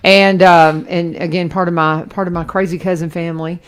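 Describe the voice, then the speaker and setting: A woman's voice: on the low side, level tone, brisk, clear, resonant tone. A woman radio host, talking in a chatty, enthusiastic way with many restarts. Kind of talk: casual radio chat.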